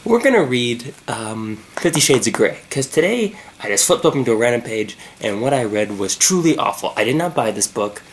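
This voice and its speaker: A man's voice: mid-range voice, big pitch swings, moderate pace, hardly any pauses, slight background noise. A man doing a mocking dramatic reading of a novel, with sarcastic, rambling asides. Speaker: YouTuber. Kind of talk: mock dramatic reading with commentary.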